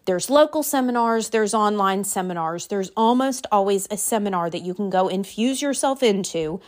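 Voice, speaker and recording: A woman's voice: mid-range voice, expressive, normal speed. Woman life coach, motivational to-camera talk, emphatic and direct, mid-range voice, numbered takeaways. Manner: repeats phrases for emphasis.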